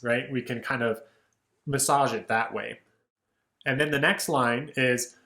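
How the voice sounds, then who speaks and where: Relaxed man explaining song lyrics. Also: mid-range voice, unhurried, roomy sound. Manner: relaxed, explanatory, says "right?" and "kind of" often, speaks lyrics in rhythm. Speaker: music educator. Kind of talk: casual lyric breakdown.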